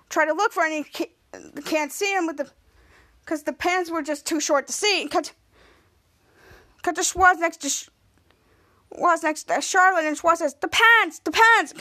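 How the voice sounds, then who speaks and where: High-pitched lady podcaster rambling through a tv recap, all excited. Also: measured pace, pauses often. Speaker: podcast host. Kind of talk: casual episode recap.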